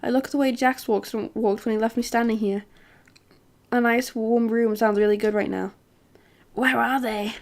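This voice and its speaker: A woman's voice: fairly high pitch, steady tone, moderate pace, a little mellow. Jokey woman streamer reading a dating game. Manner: joking, self-mocking asides. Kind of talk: casual game narration.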